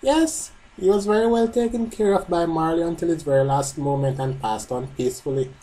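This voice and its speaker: A man's voice: on the high side, brisk, mellow, voice pushed up, close to an everyday voice, low-quality recording. A man reading the lines of a modest, polite middle-aged woman from a manga, in a humble manner.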